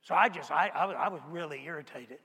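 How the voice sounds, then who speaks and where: A man voicing the hot-tempered fisherman apostle Peter in a dramatic first-person sermon monologue, swinging between loud outbursts and hushed whispers. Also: fairly high pitch, fairly quick, gravelly, slightly rough, big-room sound, pitched below the performer's own voice, full character voice. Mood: agitated.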